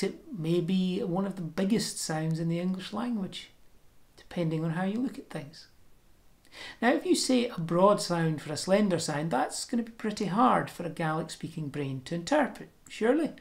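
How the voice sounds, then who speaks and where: A woman giving a pronunciation lesson, explaining sounds step by step and demonstrating them slowly and deliberately. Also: on the low side, animated, creaky, a little mellow. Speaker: language teacher.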